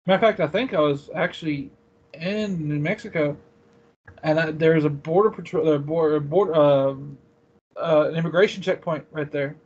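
A man's voice: a little high, moderate pace, a little mellow, breathy edge, dull audio. A man who is a guest in a casual interview, telling rambling stories in a laid-back way.

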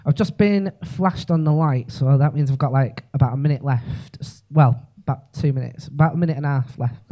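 A man with a Liverpool accent performing a stand-up set in a comedy club, telling a story fast, full of "right?" and swearing. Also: mid-range voice, dark tone.

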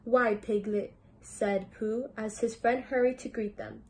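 A woman's voice: fairly high pitch, steady tone, measured pace, a little mellow, slight background noise. A teenage girl reading a children's storybook aloud as a mentor, sometimes stumbling and restarting words. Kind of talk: children's book read-aloud.

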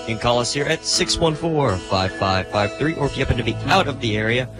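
A man's voice: medium pitch, expressive, fairly quick, music in the background. Chatty man announcing on radio. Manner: chatty, self-deprecating. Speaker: fill-in radio show announcer. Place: radio studio.

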